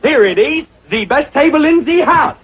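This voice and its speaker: Jethro, a goofy, high-voiced hillbilly boaster. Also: male voice, expressive, moderate pace, heavy background noise. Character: dim, boastful young hillbilly nephew. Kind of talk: 1960s sitcom acting. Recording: dull old TV audio, loud studio laughter.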